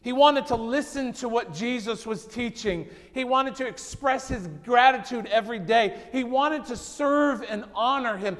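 A man preaching with a high, tenor-like voice, driving some lines hard and then dropping to near silence. His voice rings out with long reverb, as if filling a large sanctuary. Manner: dynamic preaching, swinging from loud emphasis to hushed, slow lines. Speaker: pastor. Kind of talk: sermon.

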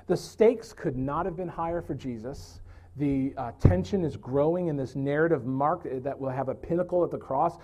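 A man's voice: a little high, normal speed, mellow. A man preaching a sermon, earnest and explanatory, now and then correcting himself mid-sentence.

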